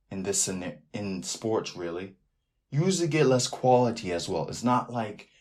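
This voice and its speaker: A man hosting a sports podcast alone, talking in a loose, animated way that keeps drifting off into tangents. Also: lowish voice. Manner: rambling, animated, riffs off on tangents. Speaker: podcast host. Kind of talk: casual sports podcast monologue.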